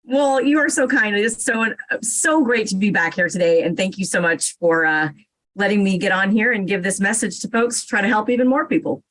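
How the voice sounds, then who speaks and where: A woman's voice: medium pitch, brisk, a bit bright, poor audio. A woman guest author on a podcast, explaining her ideas in an encouraging way. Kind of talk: casual interview chat.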